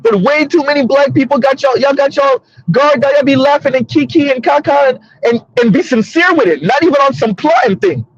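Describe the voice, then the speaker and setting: A man's voice: very high-pitched, brisk, hardly any pauses, dry recording, muffled recording. A man hosting a casual commentary monologue from his car, emphatic and repetitive, talking straight to listeners. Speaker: commentary host. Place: in a car on the road.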